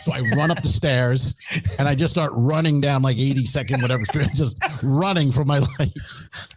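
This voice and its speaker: A man's voice: mid-range voice, normal speed, background noise. Emphatic, swearing male comic storyteller. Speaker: stand-up comedian guest. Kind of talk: casual storytelling.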